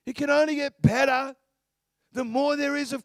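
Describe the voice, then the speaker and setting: A middle-aged man preaching a sermon with passion, swinging from hushed murmurs to shouts. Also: very high voice, level tone, moderate pace, gravelly, no room sound, clean studio sound.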